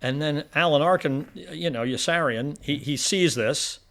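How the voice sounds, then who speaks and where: A man's voice: a little high, moderate pace, a bit bright. A man co-hosting a casual movie review chat, retelling scenes animatedly and acting out lines in voices. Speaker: podcast co-host.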